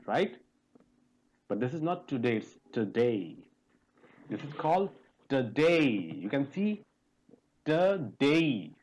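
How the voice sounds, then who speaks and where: A man teaching English pronunciation in an online lesson, speaking deliberately, repeating sounds and spelling words out letter by letter, and asking the class questions over a video call. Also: medium pitch, slightly rough, low-quality recording.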